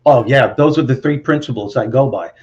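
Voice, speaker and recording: A man's voice: mid-range voice, a little fast. Confident Brooklyn man on lo-fi audio. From Brooklyn, New York. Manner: animated, confident storyteller. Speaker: guest, motivational speaker. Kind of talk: interview storytelling.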